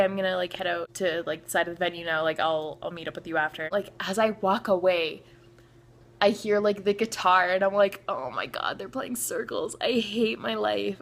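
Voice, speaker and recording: A woman's voice: fairly low pitch, slight background noise. Young Canadian woman, vlogger, gushing storyteller, heavy on "like", acts out the quotes. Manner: excitable, many filler "like"s, acts out quotes. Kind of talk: storytime vlog.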